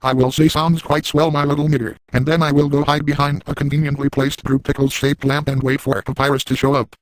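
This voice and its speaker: A man's voice: on the high side, flat delivery, fairly quick, dry recording, natural voice, low-quality recording. Crude boastful adult man voiced by a man, matter-of-fact storyteller, dry close mic. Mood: smug. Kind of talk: first-person comedic storytelling.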